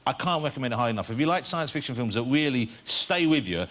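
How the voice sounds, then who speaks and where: A man's voice: mid-range voice, lively intonation, fairly bright tone. A man hosting a television chat show, bantering and joking with his guest in front of a studio audience. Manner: jokey, quick and enthusiastic. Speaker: talk show host.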